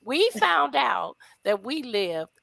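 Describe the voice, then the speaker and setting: Woman, casual chat, chatty storyteller, bright voice, dry sound, slightly high pitch. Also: big pitch swings, slow, creaky, dry recording. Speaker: guest friend.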